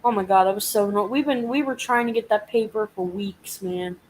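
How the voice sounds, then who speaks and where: A woman's voice: medium pitch, brisk, slight background noise, rough recording. A woman hosting a casual live chat, venting and swearing as she animatedly retells a frustrating week. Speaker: live stream host.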